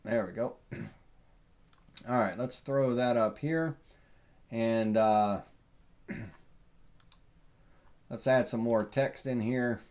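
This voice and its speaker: A middle-aged man with a Southern accent, hosting a live software tutorial and thinking aloud with plenty of fillers as he works. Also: mid-range voice, slow, pauses often. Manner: relaxed, rambling, thinks aloud with many fillers.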